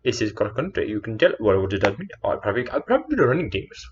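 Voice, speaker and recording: A man's voice: lowish voice, very animated, very fast, lo-fi sound, slight background noise. A man telling a personal story in a meandering, earnest way, often correcting himself. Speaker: storyteller vlogger.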